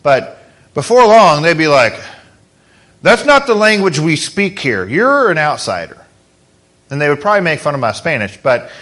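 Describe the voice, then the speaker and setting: A man's voice: a little high, pushed and bright. A man preaching a sermon as pastor, in a conversational way, asking the congregation questions.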